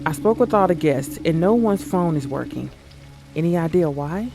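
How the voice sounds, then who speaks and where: A man reading the lines of a calm male detective who questions guests patiently. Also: fairly high pitch, moderate pace, gravelly, over music. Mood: steady.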